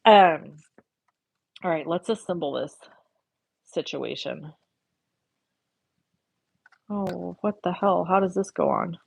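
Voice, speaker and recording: Husky-voiced woman chatting while crafting. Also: fairly low pitch, slow, long pauses, a little mellow, no room sound. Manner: chatty, reads viewer comments aloud, cusses casually. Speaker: card-making livestream host. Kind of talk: casual chat while crafting live.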